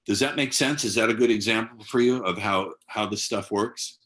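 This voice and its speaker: A man in his sixties with a lowish, fairly bright voice gives casual instruction as a dating coach from a side room at home. He's blunt and profane, and he slows into a hypnotic cadence when giving examples.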